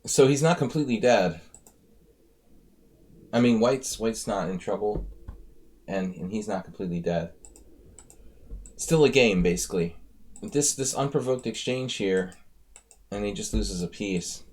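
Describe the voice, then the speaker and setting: A man's voice: on the low side, unhurried, pauses often, darkish tone. A man coaching chess on a live stream, casually analyzing viewer games and thinking aloud as he talks to his audience. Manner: thinks aloud, chatty, addresses viewers directly.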